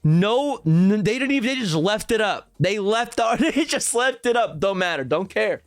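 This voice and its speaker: A man's voice: high-pitched, expressive, normal speed, no echo, studio quality. A young man streaming live, laughing in disbelief, swearing and reading headlines and chat comments aloud.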